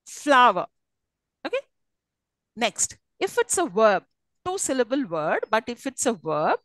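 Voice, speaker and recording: Female lecturer; high pitch, dry recording, patient step-by-step explanations. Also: no echo, poor audio. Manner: explains step by step, often checks "okay?". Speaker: English lecturer. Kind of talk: live classroom lecture.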